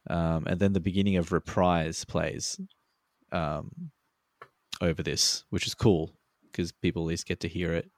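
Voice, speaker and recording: A man's voice: low voice, steady tone, measured pace, dry recording. A man co-hosting a podcast over a remote call, talking in a rambling, laid-back way and swearing freely. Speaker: podcast co-host. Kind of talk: casual podcast chat.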